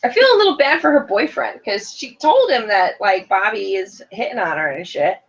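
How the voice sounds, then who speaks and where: A woman's voice: mid-range voice, animated, normal speed. A woman in her thirties co-hosting a casual reality TV chat, blunt and teasing, swearing playfully. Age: 30s. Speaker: podcast co-host. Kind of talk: casual banter about reality TV. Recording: dull lo-fi home recording.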